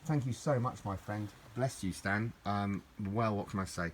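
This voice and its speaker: A middle-aged man speaks with a fairly low voice. He rambles and gushes, repeating his words as he chats casually. A faint hum of room noise sits under him. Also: normal speed. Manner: gushing, rambling, repeats himself. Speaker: collector vlogger opening parcels. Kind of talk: casual unboxing chat.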